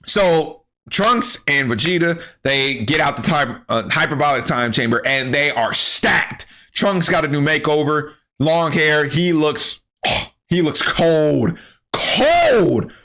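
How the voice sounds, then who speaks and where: A man giving a comedic, profane anime recap, animated and full of slang. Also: fairly high pitch, measured pace, few pauses. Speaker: anime commentary creator.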